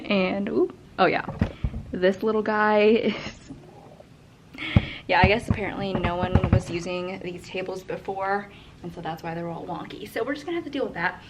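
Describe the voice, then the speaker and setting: A young woman teacher in her twenties, out of breath, casually thinking aloud as she rearranges an empty classroom. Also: mid-range voice. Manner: thinks aloud while rearranging, chatty with fillers. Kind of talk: casual vlog narration.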